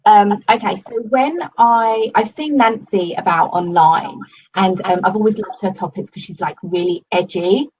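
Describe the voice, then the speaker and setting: A woman's voice: medium pitch, normal speed, darkish tone, lo-fi sound. A woman giving a casual testimonial to her coach, gushing and swearing often, with many fillers. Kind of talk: casual video-call testimonial.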